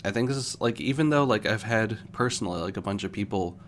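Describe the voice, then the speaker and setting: A man's voice: fairly low pitch, expressive, fast. A young man talking casually as a streamer, rambling with lots of fillers and restarts, over a faint hum. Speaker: streamer host. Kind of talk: casual chat.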